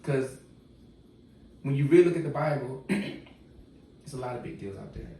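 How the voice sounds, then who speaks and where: A man's voice: mid-range voice, expressive, unhurried, mellow. A man, a podcast guest, talking candidly in casual slang. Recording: echoey room, distant mic, faint noise.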